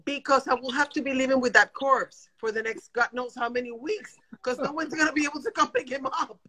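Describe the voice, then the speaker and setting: A woman in her forties, calling into a live video chat, emotional and animated as she vents and laughs. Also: sits high, brisk. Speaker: guest caller on a live stream.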